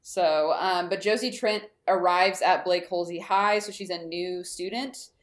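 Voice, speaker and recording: A woman's voice: lowish voice, steady tone, unhurried. A woman casually recapping a kids' TV episode on a podcast, chatty with lots of fillers. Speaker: podcast co-host. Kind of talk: casual chat recapping a TV show.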